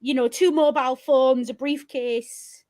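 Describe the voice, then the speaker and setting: A woman with a Yorkshire accent chatting casually on a podcast, animated and blunt, swearing freely. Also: high voice, measured pace. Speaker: podcast co-host. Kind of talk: casual chat.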